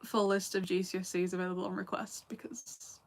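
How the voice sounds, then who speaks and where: Answering questions from a live chat, this English woman in her late twenties talks with a Lancashire accent tinged with a little Scouse. She chats away, laughs a lot, and drifts into asides, her mid-range voice level, brisk, and creaky.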